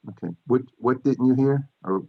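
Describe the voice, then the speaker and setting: A man's voice: medium pitch, normal speed, lo-fi sound. A man speaking as a landlord at a public hearing over a video call, defensive and repetitive. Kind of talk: public meeting testimony.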